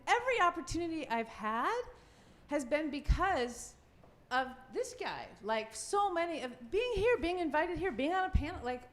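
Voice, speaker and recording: A woman in her fifties, a former goalkeeper, telling a lively story on a live panel, laughing often and acting out quotes. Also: high voice, a little hiss or hum. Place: event venue.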